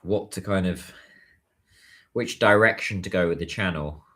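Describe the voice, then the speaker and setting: A man's voice: sits low, measured pace, fairly bright tone. A British man hosting a casual livestream, chatting and answering viewer messages. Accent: British English. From United Kingdom. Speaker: livestream host.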